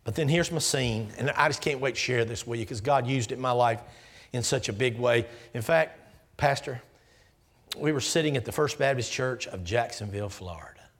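A man in his sixties preaching an emphatic sermon in numbered points, sometimes dropping to a hushed aside. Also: medium pitch, moderate pace. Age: 60s. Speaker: guest preacher.

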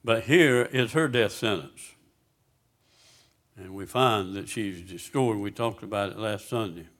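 A man's voice: fairly low pitch, measured pace, a bit bright. A pastor preaching a sermon, reading scripture aloud and putting questions to his congregation.

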